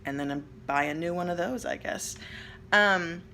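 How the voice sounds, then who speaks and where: A bright, crisp woman's voice sitting a little low, talking straight into a hand-held phone. She rambles candidly and chattily about her home life and often pokes fun at herself. The delivery is loose and personal, like a casual home vlog. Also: slight background noise. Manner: candid, chatty and self-deprecating, with quick jokes. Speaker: vlogger. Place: at home, seated. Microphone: phone camera held in hand.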